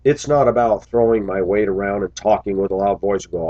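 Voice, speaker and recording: A man's voice: fairly low pitch, fairly quick, dark tone, no room sound, highs cut off. A man who drives a school bus, talking earnestly to his viewers in a casual, reflective monologue full of little stories.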